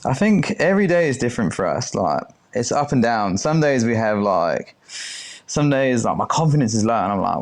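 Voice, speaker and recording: A chatty man with a voice that sits a little low, telling stories with loose, easy swearing. He is a chef in his thirties, speaking as a podcast guest in relaxed conversation. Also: moderate pace. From United Kingdom. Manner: chatty, swears casually, acts out quoted speech. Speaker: chef and restaurant owner, guest. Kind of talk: casual interview chat.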